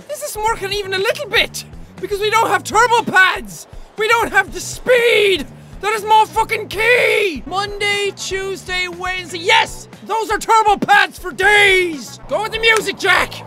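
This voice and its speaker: A young man yelling and joking through loud, manic let's-play commentary. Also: extremely high pitch. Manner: loud, manic, shouting and yelping. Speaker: gaming YouTuber.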